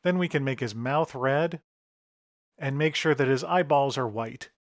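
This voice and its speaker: A man's voice: medium pitch, a little slow, dry recording, clean studio sound. A middle-aged man, an author and illustrator, leading a step-by-step drawing tutorial. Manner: step-by-step instructive.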